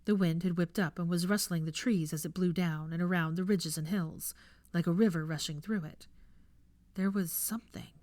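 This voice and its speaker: A woman reads a story aloud in a hushed, measured voice. Her voice sits fairly low, and the recording is close and dry. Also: fairly even intonation, no room sound. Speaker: fan fiction reader. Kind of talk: audiobook narration.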